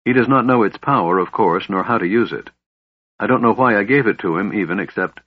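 A man voicing a weary, grave young elven princess who speaks softly and hesitantly in an audiobook. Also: fairly low pitch, fairly quick, husky, highs cut off. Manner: soft, hesitant.

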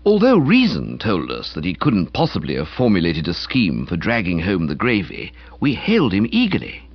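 A man narrating a comic novel aloud in an expressive, wide-ranging storytelling delivery with a husky voice. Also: low-pitched, moderate pace. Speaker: audiobook narrator. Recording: slightly dull lo-fi recording.

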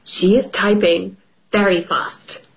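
A woman teacher reading a storybook aloud to children, expressive and asking them questions as she goes. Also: mid-range voice, gravelly. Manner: slow, expressive, asks the listener questions. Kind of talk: storybook read-aloud lesson.

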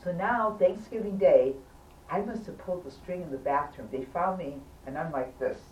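A low-voiced woman tells her story as a patient in an easygoing way, pressing each point hard and urging her listener on. She sits some distance from the mic in an echoey room with faint noise behind. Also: normal speed, a little mellow. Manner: emphatic and insistent, keeps urging the listener to listen. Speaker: patient recounting a hospital stay. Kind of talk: casual storytelling in an interview.

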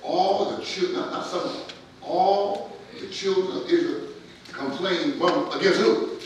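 A pastor preaching a sermon in an emphatic, colloquial way, moving between quiet scripture reading and near-shouting, with words often stammered and repeated. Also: male voice, sits high, unhurried. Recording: very echoey room, mic far off, faint noise.

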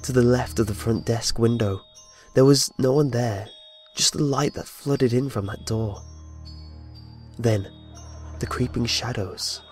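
A man's voice: medium pitch, measured pace, pauses often, a little mellow. Guy reading a creepy story, dramatic delivery, faint music under it. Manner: dramatic storytelling with voiced dialogue. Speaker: narrator. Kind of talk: scripted horror narration.

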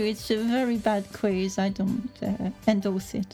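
A woman's voice: mid-range voice, fairly even intonation, measured pace, dark tone, faint music behind. A woman calling in to a radio quiz, answering in a dry, hesitant, teasing way. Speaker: quiz caller. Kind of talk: casual on-air banter.

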